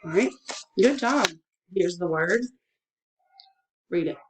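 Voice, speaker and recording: A woman's voice: lowish voice, animated, slow pace, noisy background. A woman teacher guiding a one-on-one dictation lesson, patient and encouraging, breaking words into syllables.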